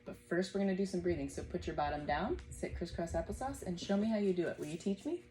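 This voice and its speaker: A woman in her thirties teaching a gentle yoga class at home, guiding breaths patiently and encouragingly. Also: fairly low pitch, fast talker, a little hiss or hum.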